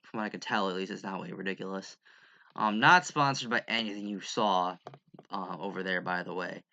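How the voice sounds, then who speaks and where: Young male gamer, rambling rant, gravelly voice, dull lo-fi mic. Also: sits low, brisk, bright, forceful tone. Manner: rambling, profane, exasperated. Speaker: gaming YouTuber. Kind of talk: casual rant over gameplay.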